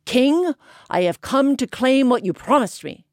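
A man's voice: very high-pitched, lively intonation, unhurried, no echo, studio quality, pitched above the performer's own voice. A woman storyteller voicing a proud, fierce young hedgehog-man hero who declaims his demands. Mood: commanding. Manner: declaiming, scornful.

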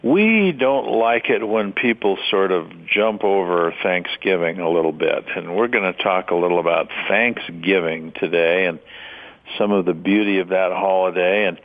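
Deep, gravelly male radio co-host, casual and teasing, heard over thin phone-band audio. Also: normal speed, phone-quality sound. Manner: chatty, wry teasing.

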